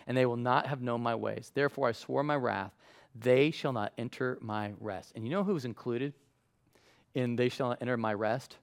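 A man preaching a sermon in a conversational way, acting out quotes with lively voices. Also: mid-range voice. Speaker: pastor.

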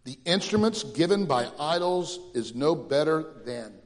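A male pastor preaching a sermon dramatically, rising to loud questions and dropping to hushed lows. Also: expressive, a little slow, big-room sound.

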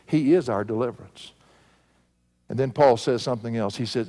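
A man's voice: mid-range voice, animated, normal speed, dark tone. A man preaching an expository sermon as pastor, earnestly swelling and dropping his voice for emphasis.

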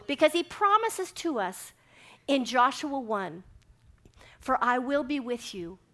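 A middle-aged woman delivers a devotional sermon in a slightly high voice. She tells her stories with animation, acting out each line of the dialogue herself. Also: lively intonation, takes it slowly, pushed and bright. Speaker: speaker giving a devotional talk. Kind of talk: sermon with personal storytelling.

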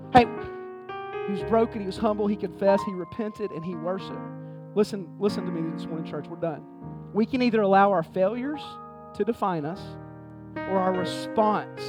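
A man preaching a sermon to his congregation, moving from hushed pleading to fervent exhortation. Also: high voice. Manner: repetitive preacher cadence, addresses the congregation directly. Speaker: pastor. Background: music.

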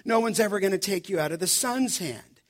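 A male pastor preaching with a high, ringing voice. He leans hard on key phrases and slows down to stress them, delivering the sermon with steady conviction.

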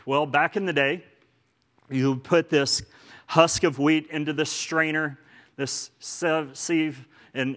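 A man's voice: a little high, a bit bright. A man with an Oklahoman accent preaching a sermon in church, earnest and emphatic, often repeating phrases for stress. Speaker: pastor.

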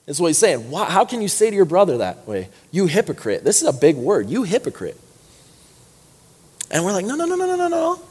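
A man with a high voice preaches to his congregation, reading scripture low and quiet, then rising to loud, high exhortation. His voice rings with the long reverb of a large hall. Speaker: pastor. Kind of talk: sermon.

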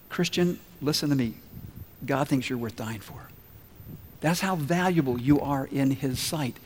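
A man's voice: mid-range voice, moderate pace, slight background noise. Earnest preaching man in a reverberant hall. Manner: earnest storytelling preacher, acts out quotes. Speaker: pastor. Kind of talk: sermon.

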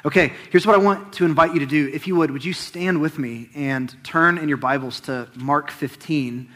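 A man's voice: on the high side, normal speed, a bit bright. A man preaching as pastor, speaking earnestly and reading a long scripture passage aloud with rising emphasis on the quoted words. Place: church.

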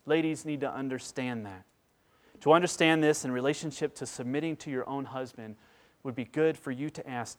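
A man in his thirties preaching a sermon, moving between hushed, intense passages and loud, emphatic ones. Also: medium pitch, a little fast. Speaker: pastor.

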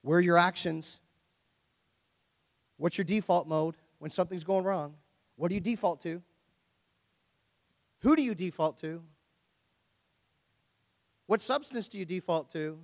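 A man's voice: high-pitched, a little slow, pauses often. A middle-aged man preaching a sermon as pastor, conversational and joking, full of rhetorical questions. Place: church. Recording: long church hall reverb.

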